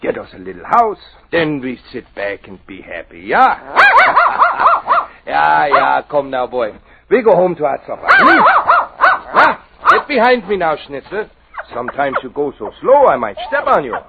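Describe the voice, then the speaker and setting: An actor playing a jolly old immigrant gold prospector who chuckles between folksy, broken phrases, in 1940s radio acting. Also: male voice, on the high side, huge pitch swings, unhurried, creaky, narrow, tinny audio, heavily acted. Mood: jovial. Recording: old radio broadcast, phone-thin, noisy.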